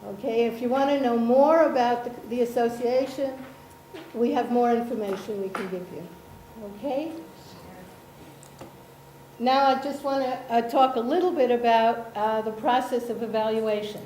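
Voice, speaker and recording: Speaking in a slightly high voice with a dark tone, a workshop presenter from Israel, an association chair, explains things slowly with many pauses and ums. She checks in often with her audience, and the lecture room sounds echoey with faint ambience and slight background noise.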